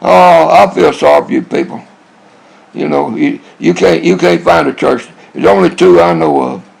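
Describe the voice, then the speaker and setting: A man's voice: a little high, normal speed, darkish tone. An older man, rambling bluntly in a monologue with many restarts. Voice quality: gravelly, husky. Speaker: YouTube vlogger.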